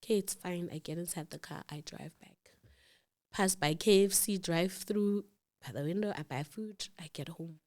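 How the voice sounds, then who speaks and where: Fairly low in pitch and moderate in pace, a South African storyteller host shares a personal story casually, animatedly playing the other characters' voices herself.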